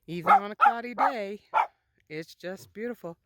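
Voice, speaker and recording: A woman's voice: mid-range voice, moderate pace, bright, forceful tone, dry recording. A woman vlogging from her camper van and campsite, chatting casually and coaxing her dog in a sing-song voice. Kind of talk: casual vlog chat.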